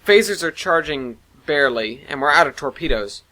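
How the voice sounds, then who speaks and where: A man's voice: on the high side, expressive, moderate pace, sharp tone, rough recording. A man voicing a woman engineering officer giving a blunt, matter-of-fact status report.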